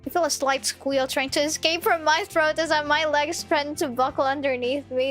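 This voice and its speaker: A woman's voice: high-pitched, fairly even intonation, moderate pace, hardly any pauses, fairly bright tone, soft background music. A young woman streamer reading a visual novel aloud, breaking off into giggly, playful asides.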